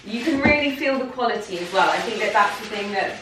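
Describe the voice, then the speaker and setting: A woman's voice: mid-range voice, lively intonation, fast talker, recorded from a distance. Gushing English woman in an echoey room. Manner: gushing, chatty and emotional, with frequent laughs. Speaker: fashion vlogger. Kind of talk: casual try-on haul chat. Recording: roomy, off-mic sound with faint background noise.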